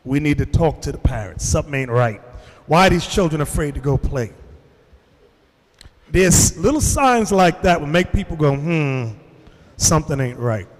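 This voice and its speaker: A man preaches in an animated way, his fairly high voice swinging widely in pitch. He tells stories to his congregation and acts out voices along the way. A long reverb hangs on every word, as in a big hall. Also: moderate pace. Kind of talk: sermon.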